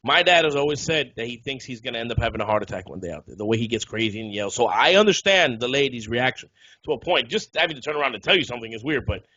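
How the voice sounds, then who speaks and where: Male podcast co-host, quick and bright-toned, slightly husky, joking banter, dry dull-mic sound. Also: medium pitch, lively intonation, no room sound. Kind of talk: casual podcast chat.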